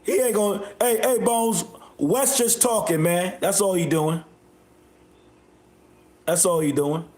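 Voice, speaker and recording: A high-pitched man hosting a live stream rants at his chat, loud and confrontational, repeating himself over and over. He talks slowly with long pauses, and his voice rings through an echoey room.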